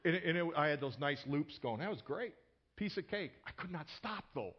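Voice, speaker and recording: Pastor, male, higher-pitched voice, chatty sermon delivery with repeated words at sentence starts, muffled lo-fi recording. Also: expressive, fairly quick, slightly rough. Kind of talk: sermon with personal story.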